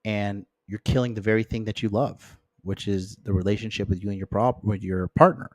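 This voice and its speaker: A man's voice: steady tone, brisk, a little mellow, dry recording, studio quality. A man hosting a livestream of dating advice, talking bluntly and with profanity, checking in with the chat and acting out friends in mocking voices. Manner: acts out friends and exes in mocking higher voices. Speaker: host.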